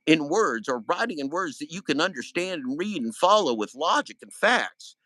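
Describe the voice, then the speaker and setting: A man's voice: a little high, very animated, moderate pace, pushed and bright, dry recording, low-quality recording. A man hosting a livestream, ranting in anger and confronting someone with swearing and loose dialect grammar. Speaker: livestream host. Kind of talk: heated livestream rant.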